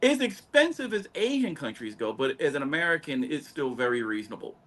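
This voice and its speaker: Chatty man with a lively voice. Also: a little high, fairly quick. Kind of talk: casual podcast chat.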